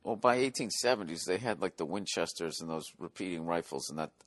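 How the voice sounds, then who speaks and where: Skeptical, teasing podcast host. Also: male voice, low voice, lively intonation, fairly quick, fairly bright tone, dry recording. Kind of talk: casual chat.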